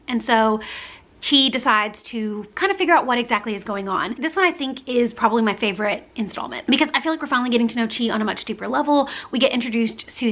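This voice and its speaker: A woman's voice: fairly high pitch, a bit bright. A young woman from the American South talking casually and candidly about books she has read, with lots of fillers and restarts. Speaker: book reviewer. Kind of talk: casual book review vlog.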